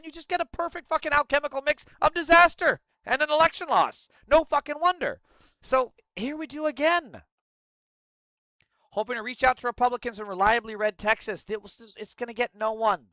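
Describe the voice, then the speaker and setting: Angry high-voiced political streamer. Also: male voice, pushed and bright, no echo. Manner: profane, ranting, mocking chat.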